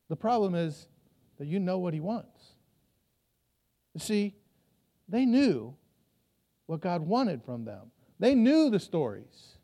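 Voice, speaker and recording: A man's voice: high voice, darkish tone. A pastor preaching a sermon to a church, telling the story and acting out voices from it, often repeating his words as he goes.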